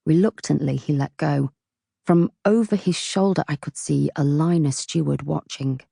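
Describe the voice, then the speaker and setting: Low, gravelly woman reading a novel. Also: moderate pace, dark tone, dry recording, clean studio sound. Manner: cheeky, wry storytelling. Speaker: audiobook narrator. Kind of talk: first-person audiobook narration.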